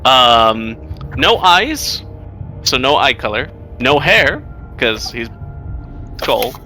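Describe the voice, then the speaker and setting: A man playing a tabletop game, talking in a playful, halting way. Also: mid-range voice, big pitch swings, bright, forceful tone, soft background music. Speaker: player. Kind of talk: tabletop role-play chat.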